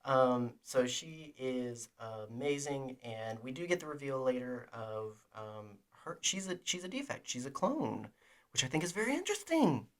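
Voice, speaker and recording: A man's voice: mid-range voice, lively intonation, moderate pace, fairly bright tone. A man co-hosting a podcast, chatting casually and enthusiastically, rambling and poking fun at himself. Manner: rambling, enthusiastic, self-deprecating. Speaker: podcast co-host. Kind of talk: casual chat about a TV show.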